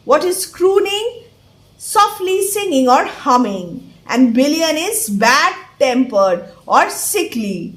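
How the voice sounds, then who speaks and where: A high, lilting female voice. She teaches at an unhurried pace, reading each line of the text and then patiently explaining it in plain words. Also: very animated. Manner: reads a passage aloud, then glosses words and explains in plain terms. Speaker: English teacher. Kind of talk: line-by-line literature lesson.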